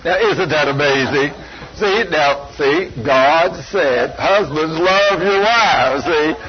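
A man's voice: on the high side, slow. An older man preaching a folksy sermon, plain-spoken and full of homespun stories. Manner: plain-spoken, storytelling, self-deprecating. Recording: dull lo-fi sound.

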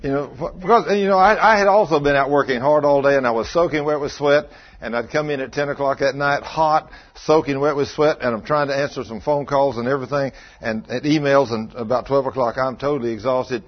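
Husky preacher telling stories. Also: male voice, mid-range voice, a little fast, hardly any pauses, dull audio. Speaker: pastor. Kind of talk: folksy sermon storytelling. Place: church.

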